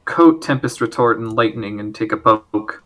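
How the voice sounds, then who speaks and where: A man playing a tabletop game, calling his actions briskly and to the point. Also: lowish voice. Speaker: player.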